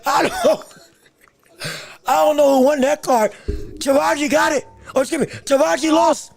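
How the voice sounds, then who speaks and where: A man with a very high voice hosts a livestream commentary on a boxing decision. He speaks excitably, repeats phrases over and over, and breaks into shouts. His voice is recorded dry and close, with no room sound. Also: unhurried, creaky, dry recording. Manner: greets viewers from the live chat. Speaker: podcast host reacting to a boxing decision on a livestream. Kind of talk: live fight commentary and chat.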